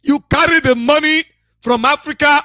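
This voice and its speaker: Preaching at his radio audience, this broadcaster scolds and repeats himself for emphasis at a normal speed. He has a very high, bright, forceful voice. Everything sounds close and dry, with no room sound at all.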